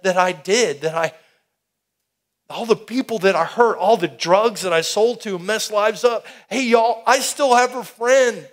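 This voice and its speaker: Animated man preaching testimony. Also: sits high. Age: middle-aged. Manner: animated, folksy, audience call-and-response. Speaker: youth rally speaker. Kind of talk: testimony sermon.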